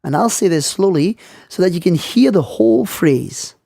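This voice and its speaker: A man teaching French in a scripted lesson, speaking clearly and saying model phrases slowly for learners. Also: fairly high pitch, big pitch swings, mellow, dry recording, studio quality.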